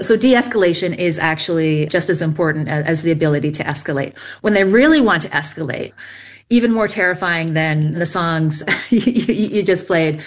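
Woman scientist, kinda low voice, patient methodical explainer, interview answers. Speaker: bird song researcher guest.

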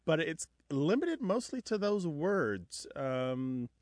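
A man's voice: on the high side, very animated, slow pace, no echo, clean studio sound. A man co-hosting a radio talk show, explaining language points in a lecturing way. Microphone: studio microphone.

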